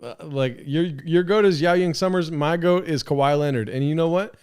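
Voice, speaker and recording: A man's voice: fairly high pitch, normal speed, darkish tone, clear, resonant tone. A man hosting a live stream, rambling in casual commentary with lots of swearing, fillers and restarts. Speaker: podcast host streaming.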